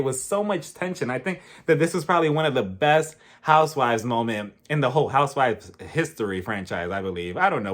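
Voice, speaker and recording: A man recapping a TV episode in a casual vlog, animated and acting out scenes. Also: mid-range voice. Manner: animated storytelling, acting out others, frequent laughter. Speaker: TV episode reviewer.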